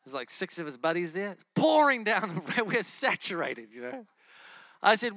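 A male preacher tells a testimony in a lively, storytelling manner, acting out his own inner thoughts. His voice sits a little high and sounds bright and forceful. The recording is dry and close. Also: normal speed, no room sound.

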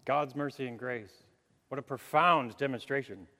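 A man preaching a sermon, animated, chuckling and acting out the voices of the people he quotes. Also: medium pitch, normal speed. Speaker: pastor. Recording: long hall reverb.

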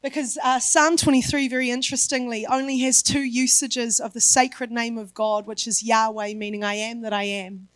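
A woman's voice: on the high side, flat delivery, moderate pace, few pauses, fairly bright tone, no room sound. A woman pastor preaching a sermon, emphatic and building her points through repetition.

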